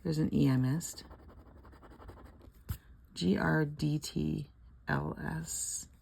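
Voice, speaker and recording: A woman's voice: low-pitched, fairly even intonation, drawn-out words, gravelly, a little mellow, a little hiss or hum. An older woman chatting casually at home while scratching lottery tickets, rambling, laughing often and murmuring letters half under her breath.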